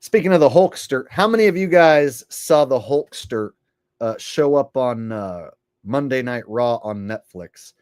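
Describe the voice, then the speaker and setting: A man's voice: medium pitch, expressive, measured pace, a little mellow, dry recording, clean studio sound. A man hosting a casual commentary vlog, rambling in a sarcastic, profane way. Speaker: channel host.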